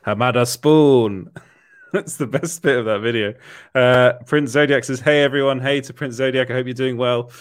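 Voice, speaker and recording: A young man hosts a casual livestream, reading out chat messages in an easygoing, rambling way that is broken by frequent laughs and fillers. His voice sits at an ordinary pitch. It is captured on a close, dry microphone with no room sound. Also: steady tone, moderate pace, clean tone, no room sound. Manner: chatty, laughs often, filler-heavy. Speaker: livestream host. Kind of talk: casual live chat, reading viewer comments.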